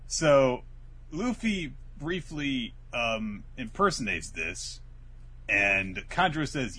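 A man in casual chat, animatedly retelling an episode and acting out characters in quick bursts. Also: mid-range voice, big pitch swings, bright, forceful tone, husky. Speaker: podcast co-host recapping an anime.

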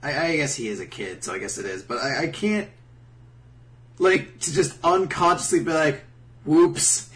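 A man's voice: on the high side, normal speed, a bit bright, far from the mic. A man co-hosting a podcast, casually riffing and joking with disbelief. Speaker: podcast co-host. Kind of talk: casual chat.

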